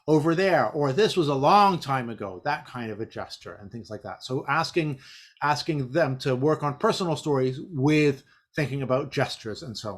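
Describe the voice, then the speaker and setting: A man giving a casual teacher-training talk, rambling with lots of fillers and restarts. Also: mid-range voice. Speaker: teacher trainer presenting a session.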